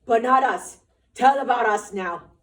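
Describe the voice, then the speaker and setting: A woman's voice: very animated, normal speed, recorded from a distance. A woman doing a frantic childlike big man. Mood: eager. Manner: high, loud, frantic pleading. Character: simple-minded big man, childlike, pleading.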